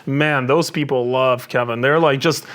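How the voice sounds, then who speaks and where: A man's voice: medium pitch, steady tone, moderate pace, fairly bright tone. A man in his forties hosting a casual chat, telling stories animatedly and mimicking the people in them. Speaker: host.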